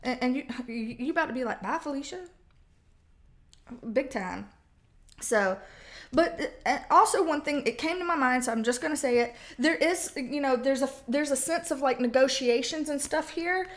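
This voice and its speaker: At home with a cat, a high-pitched woman gives a casual tarot reading at normal speed. She talks bluntly, using slang and plenty of swearing.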